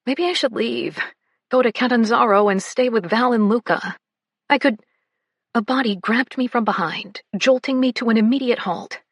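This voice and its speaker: A woman narrating a first-person romance audiobook, breathy and often slipping into whispers. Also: fairly high pitch, normal speed, no echo.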